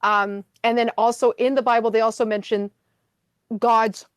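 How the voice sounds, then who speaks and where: A woman's voice: fairly high pitch, level tone, moderate pace, clear, resonant tone, no echo, clean studio sound. A woman guest in a casual conversation, talking chattily with many fillers and questions. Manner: chatty, lots of "like" and "um".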